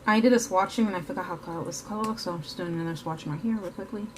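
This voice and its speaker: Rapid-fire speech from a woman with a fairly low pitch, with a little hiss or hum in the audio. In her art vlog she chats casually and rambles, correcting herself and using plenty of fillers, sometimes while eating.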